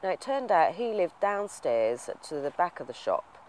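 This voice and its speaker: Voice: medium pitch, big pitch swings, normal speed, darkish tone, slight background noise. A vlogger telling a story to camera in a heartfelt, rambling way. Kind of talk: casual storytelling vlog.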